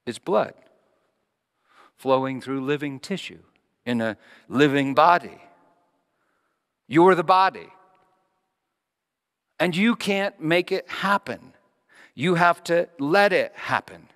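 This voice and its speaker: A man's voice: a little high, lively intonation, takes it slowly, pauses often. Impassioned male pastor in a reverberant church. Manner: impassioned, swinging between loud peaks and hushed lines. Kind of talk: sermon with a told story.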